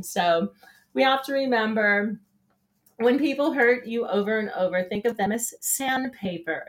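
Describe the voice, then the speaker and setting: A woman with a medium-pitched, somewhat bright voice hosts a casual live show. She chats in a rambling way, with lots of ums, and laughs at her own jokes.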